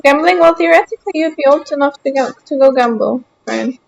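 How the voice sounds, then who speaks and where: Streaming a game from her couch, a young woman keeps up relaxed, unscripted chatter with her audience. Her voice is high, bright and gravelly, moving a little fast as she playfully defends herself against chat. The sound comes through muffled.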